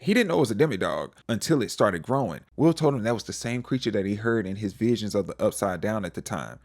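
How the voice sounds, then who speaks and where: Man, young adult, casual recap host, animated, joking, a bit low-pitched. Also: fast. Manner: animated storyteller, acts out characters' lines with playful slang.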